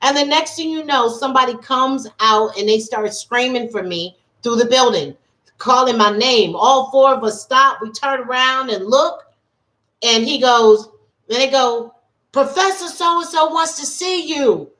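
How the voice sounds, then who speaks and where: A woman life coach gives a tarot reading on a casual livestream. She talks in an emphatic, colloquial way and repeats her points for weight. Her voice sits slightly high. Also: unhurried, bright, forceful tone. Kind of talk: casual livestream talk and storytelling.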